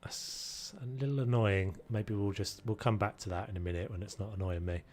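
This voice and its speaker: A man's voice: on the low side, fairly even intonation, a little fast, darkish tone, a little hiss or hum. Chatty man streaming a game. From United Kingdom. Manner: rambling and chatty, talking to chat while he plays. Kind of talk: casual gaming livestream commentary.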